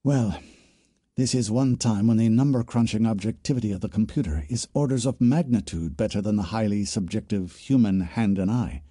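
A man voicing a young woman graduate student, speaking briskly in a story reading. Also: on the low side, mellow, no room sound, clean studio sound, lightly acted. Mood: musing. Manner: brisk, self-talking.

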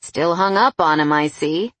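A woman with a low, unhurried, slightly bright voice reads a sulky, guarded young man whose every line carries a bitter, grudging edge. The sound is close and dry with no room around it, like a plain audiobook performance.

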